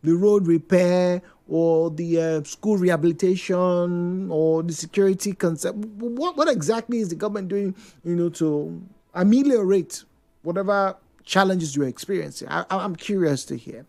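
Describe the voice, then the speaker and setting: A man's voice: high-pitched, moderate pace. A man hosting a radio phone-in show, reading listeners' messages and adding his own remarks. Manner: lively, reads listener messages aloud with comments. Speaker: radio host.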